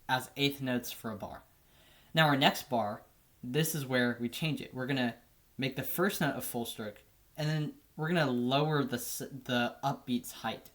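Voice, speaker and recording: A man teaching drum technique in a relaxed, casual way, often checking in with "right?". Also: mid-range voice. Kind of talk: casual instructional explanation.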